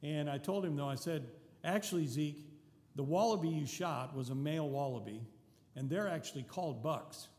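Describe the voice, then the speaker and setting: The long reverb of a church hall surrounds this older New Zealand man, a visiting missionary telling stories casually to the congregation in the sanctuary. His voice is a little high and mellow at a moderate pace, and he's folksy and chatty, restarting and slipping in wry asides.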